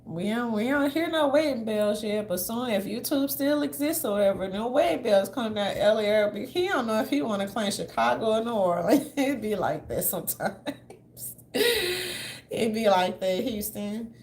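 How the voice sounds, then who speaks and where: Chatty, blunt woman vlogger, higher voice. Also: animated, normal speed, a little mellow, a little hiss or hum. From southern United States. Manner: loose, chatty, blunt and profane, talking straight to her viewers. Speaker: vlogger commenting to viewers. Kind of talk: casual livestream commentary.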